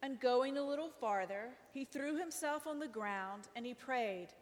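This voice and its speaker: A woman's voice: high voice, a little slow, few pauses. Woman reading scripture in a hall. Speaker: scripture reader. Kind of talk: liturgical group reading. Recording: hall reverb.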